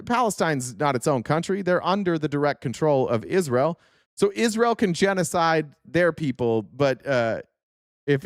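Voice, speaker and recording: Brief: male host, higher voice, very lively pitch, heated and profane, dry close-mic sound. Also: no echo. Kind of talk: political commentary rant.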